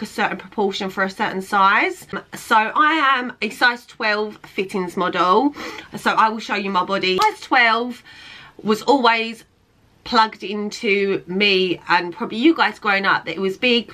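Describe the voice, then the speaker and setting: Bright-toned chatty young woman. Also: medium pitch, low-quality recording. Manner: chatty, filler-heavy, with frequent "like" and restarts. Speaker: fittings model and vlogger. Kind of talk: casual talking-head vlog.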